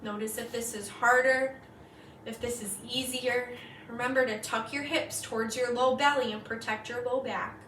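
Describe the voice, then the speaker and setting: A woman teaching a yoga flow, calmly cueing each breath and pose. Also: a little high, a little hiss or hum. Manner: slow, calm cueing of breath and poses. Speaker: yoga instructor. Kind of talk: guided yoga class. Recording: echoey room from far off.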